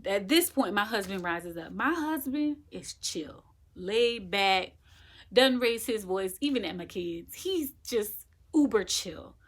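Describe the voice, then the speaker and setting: A woman shares her birth story in a slow, animated, medium-pitched voice. She tells it casually but emphatically, vividly acting out the quoted dialogue of the people involved.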